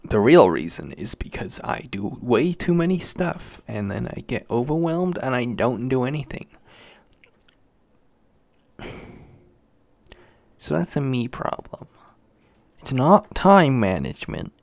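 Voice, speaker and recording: A man's voice: mid-range voice, very animated, slow, creaky, pauses often, a little mellow. A young man with a British accent talks alone into his podcast mic, rambling from one gripe to the next. He swears freely and pokes fun at himself, in an ordinary mid-range voice. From Britain. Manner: rambling, sweary, self-mocking. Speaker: podcast host. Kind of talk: solo casual podcast rant.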